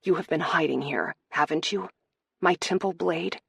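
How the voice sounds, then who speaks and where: A woman's voice: fairly low pitch, normal speed, creaky, a bit bright, slightly rough, no echo, clean studio sound, heavily acted. A woman voicing a brooding noble lord, commanding and also tender toward the woman he speaks to.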